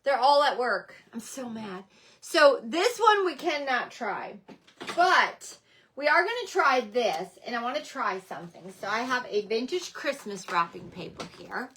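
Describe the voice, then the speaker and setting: Bright-voiced chatty woman crafter. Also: on the high side, big pitch swings, unhurried, husky. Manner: chatty, self-scolding, greets viewers by name. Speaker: craft livestream host. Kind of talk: casual livestream crafting chat.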